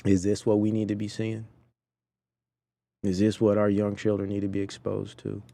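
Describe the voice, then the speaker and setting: Man host, indignant commentary, dark mellow low voice. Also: completely flat delivery, normal speed, creaky. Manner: preachy, indignant, talks to chat. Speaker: podcast host. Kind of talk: commentary on clips.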